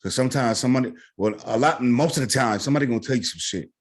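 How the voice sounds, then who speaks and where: A man's voice: medium pitch, racing, breathy edge. A man co-hosting a podcast, speaking in casual chat that is earnest, lecturing and profane.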